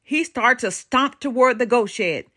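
An older woman reading a children's storybook aloud with expressive, animated storytelling and dramatic pauses. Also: fairly high pitch.

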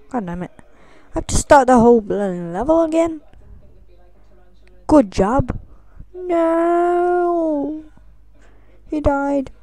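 A high-voiced woman talks over a game in a slow, drawn-out way, joking crudely and squealing whenever things go wrong. Her voice sits dry and close to the microphone. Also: dark tone, no echo. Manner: goofy, crude, yelps and squeals at in-game mishaps. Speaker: gameplay commentator. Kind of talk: let's play commentary.

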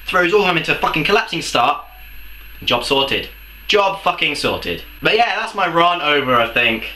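A man's voice: a little high, lively intonation, normal speed, bright, forceful tone. A young man ranting angrily to camera in a comedic vlog, swearing and firing off rhetorical questions. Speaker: vlogger. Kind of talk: angry comedic rant to camera.

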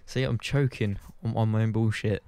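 A man's voice: fairly low pitch, steady tone, normal speed, gravelly, dark tone, no room sound. A man chatting casually to his channel's viewers, rambling and self-deprecating, swearing offhand. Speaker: gaming channel host. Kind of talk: casual chat to camera.

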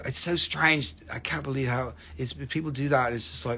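A man hosting a live stream that sells crystals, talking in an excitable, joking, profane and rambling sales patter. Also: medium pitch, moderate pace, few pauses, slight background noise.

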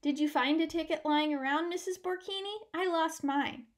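A woman's voice: extremely high pitch, moderate pace, pitched above the performer's own voice. A woman reading aloud voices an eager, polite young boy in a hurry to find his lost ticket.

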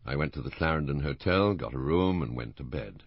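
Deep male narrator, measured first-person storytelling, lively delivery, muffled sound. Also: creaky, slightly rough, dry recording. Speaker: audiobook narrator. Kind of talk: audiobook narration.

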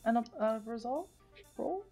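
A woman's voice: on the high side, lively intonation, moderate pace, over loud music. A woman running a tabletop game as game master, narrating events and explaining rules in a matter-of-fact way.

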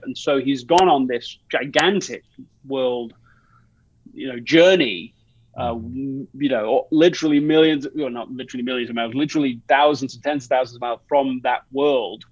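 A man's voice: mid-range voice, normal speed, no echo, dull audio. A man talking as a guest in a podcast interview, rambling through an anecdote with many restarts and fillers. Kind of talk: conversational interview.

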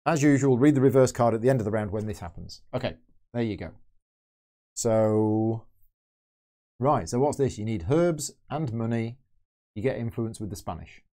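A man's voice: mid-range voice, expressive, moderate pace, pauses often, mellow. A man hosting a board game channel, thinking aloud as he plays through a solo game and explains each move. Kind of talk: solo game playthrough commentary.

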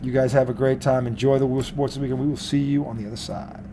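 A man's voice: medium pitch, level tone, fast talker, noisy background. A male sports talk host from the Boston area, ranting heatedly with lots of swearing and laughing mid-rant.

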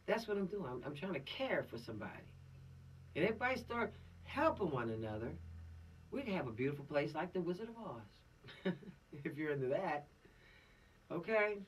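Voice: mid-range voice, fairly bright tone, distant mic. A law course instructor giving an informal, preachy lecture with streetwise slang.

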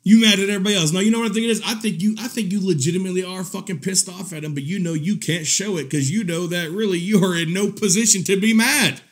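A man giving casual reaction commentary in a profane, mocking, animated way, often breaking into laughter. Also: high voice, quick pace, hardly any pauses. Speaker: commentary vlogger.

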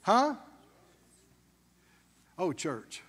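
A man's voice: high-pitched, huge pitch swings, extremely slow, a bit bright, husky, big-room sound. A man preaching a sermon as pastor, emphatic, with call-and-response questions to the congregation.

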